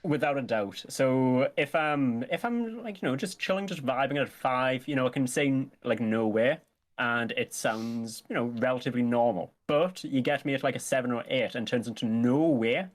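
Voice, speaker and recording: A man's voice: medium pitch, normal speed. A man, a guest in casual comedy chat, joking and laughing often. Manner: animated, jokey, laughs a lot.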